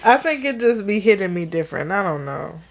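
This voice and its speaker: A young woman co-hosting a podcast in casual chat, low-key and unhurried. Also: sing-song. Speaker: podcast co-host.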